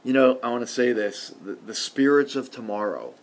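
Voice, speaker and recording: A man's voice: mid-range voice, moderate pace. Man preaching a conversational sermon. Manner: conversational, with frequent "see" and "okay" asides; swings between loud emphasis and quiet murmurs.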